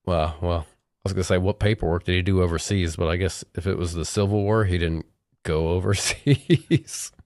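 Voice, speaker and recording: A man hosting a casual comedic podcast, questioning his guest in a hesitant, deadpan way. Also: low voice, moderate pace, no room sound, clean studio sound. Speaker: podcast host.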